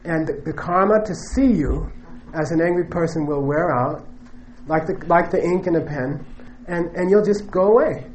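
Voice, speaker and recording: A man's voice: a little high, normal speed, a little mellow, a little hiss or hum, rough recording. A man giving a Buddhist teaching to a live audience, conversational and joking, who often stops to check in with "okay?" and "you know". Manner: joking, emphatic asides.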